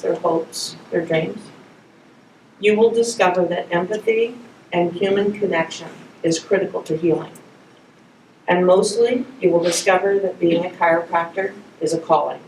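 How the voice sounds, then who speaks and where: A woman with a somewhat low voice hosts a ceremony in a measured, formal way, delivering prepared remarks. She sounds distant from the mic, and the hall adds a lot of echo. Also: slight background noise. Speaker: ceremony host. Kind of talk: ceremony hosting and prepared speech. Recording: echoey hall, far from the mic.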